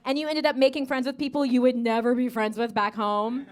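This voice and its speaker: A woman's voice: fairly high pitch, level tone. An American woman in her thirties doing a stand-up comedy set, with sassy asides and gushing put-on voices for the people she quotes. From United States. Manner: sassy, rapid asides with frequent okays. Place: comedy club stage with a live audience.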